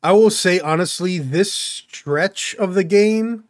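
A male podcast host chatting casually, rambling through his points with an animated, easy laugh. His voice sits a little higher than most men's. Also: slow. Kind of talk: casual chat.

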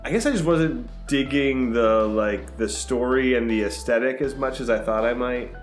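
A man's voice: mid-range voice, moderate pace. A man co-hosting a podcast, easygoing and casual, often giving short agreeing replies. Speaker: podcast co-host. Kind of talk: casual chat. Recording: echoey room with faint music.

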